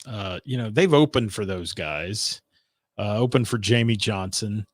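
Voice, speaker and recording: A man's voice: fairly low pitch, a little slow, dry recording. A man hosting a music radio show, chatting casually and rambling with lots of fillers while he thanks viewers for their comments. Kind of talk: casual live-stream chat, reading viewer comments.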